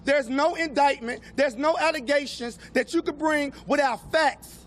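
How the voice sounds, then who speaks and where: A young man speaks at a very high pitch, with faint noise around him. He is a student activist addressing a gathering, earnest and impassioned. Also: normal speed. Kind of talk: speech at a press gathering.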